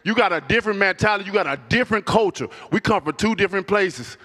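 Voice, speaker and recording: A man's voice: high voice, lively intonation, fast talker, sharp tone, long reverb tail. A man from the United States, a boxer firing back defiantly at a press conference. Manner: defiant, repetitive. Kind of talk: press conference trash talk.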